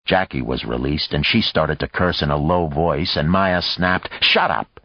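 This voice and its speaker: Low male narrator, measured audiobook reading, dry close sound, dull tone. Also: breathy edge, no echo. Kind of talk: scripted narration.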